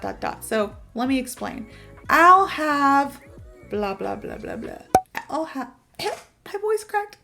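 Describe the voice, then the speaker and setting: A young American woman with a slightly high voice leads a casual online English lesson. She talks in a chatty, playful way, repeating example phrases for viewers. Faint music plays behind her. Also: gravelly, fairly bright tone. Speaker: English teacher.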